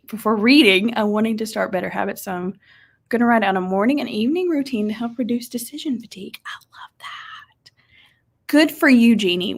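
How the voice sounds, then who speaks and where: A young woman hosting a casual livestream, reading viewer comments aloud and reacting brightly. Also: on the high side. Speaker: livestream host.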